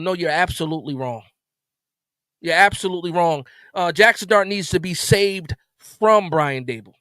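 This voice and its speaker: A man's voice: sits high, moderate pace, fairly bright tone, no echo, clean studio sound. A man hosting a live post-game reaction stream, upset and stammering with repeated words as he vents. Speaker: sports stream host.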